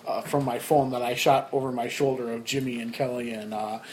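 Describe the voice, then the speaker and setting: A man's voice: medium pitch, brisk, a little hiss or hum. A young man co-hosting a podcast, telling a story in a casual chat and acting out his friends' lines along the way. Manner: animated storyteller who acts out friends' voices. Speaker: podcast co-host.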